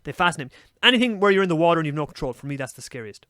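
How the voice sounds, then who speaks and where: Irish podcast co-host, young, quick and animated, salty language, dry close mic. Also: male voice, a little high, no echo. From Ireland. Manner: animated storyteller, swears freely. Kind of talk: casual chat.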